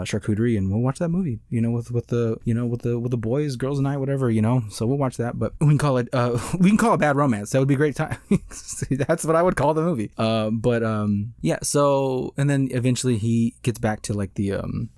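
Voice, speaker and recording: A man's voice: mid-range voice, mellow, no echo, clean studio sound. A man giving a casual movie review, rambling with many fillers and restarts.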